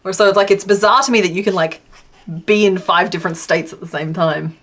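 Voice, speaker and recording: A woman's voice: fairly low pitch, brisk, fairly bright tone. An Australian woman chatting casually on a live stream while she crochets, answering her chat and laughing often.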